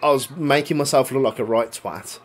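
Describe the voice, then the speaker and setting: A young man with a mid-range voice talks fairly quickly, some faint music playing behind him. Chatting casually, he recounts a grudge, swearing a lot and laughing as the story unfolds.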